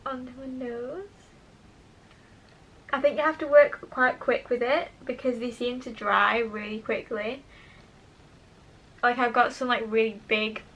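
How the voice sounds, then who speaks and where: A young woman talks straight into her camera at home, chatting casually as she tries out make-up. Her voice sits high and bright, and she turns eager and self-mocking as she goes. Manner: chatty, self-deprecating, enthusiastic. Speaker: beauty vlogger. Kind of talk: casual make-up tutorial chat. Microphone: camera mic, talking to camera.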